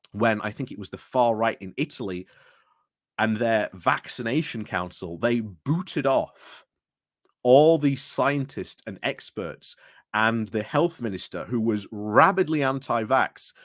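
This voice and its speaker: A man's voice: mid-range voice, no room sound, studio quality. A British man hosting a casual livestream, rambling through commentary with restarts and greetings to chat, recorded indoors at home. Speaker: livestream host.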